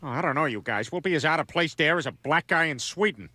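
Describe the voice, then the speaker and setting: An actor voicing a goofy, dim-witted middle-aged cartoon dad. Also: male voice, on the high side, lively intonation, fast talker, pushed and bright, no echo. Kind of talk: cartoon voice acting. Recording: cartoon clip with background noise.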